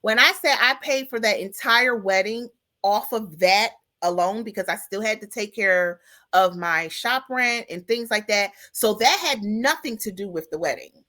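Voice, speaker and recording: A woman hosting a casual chat show, telling her story in an animated way and calling out to her listeners. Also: medium pitch, moderate pace. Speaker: podcast host.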